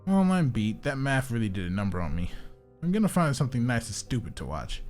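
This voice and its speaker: A man voicing a blunt, bossy young woman with a soft side, reading her lines in a raised voice. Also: mid-range voice, very animated, brisk, faint music behind, voice pushed up, natural voice. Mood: teasing. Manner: snappy, teasing, then coaxing.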